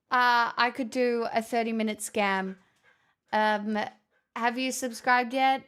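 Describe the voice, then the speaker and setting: Woman, livestream host, casual chat, teasing, jokey, slightly high, unhurried. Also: steady tone, fairly bright tone, smooth.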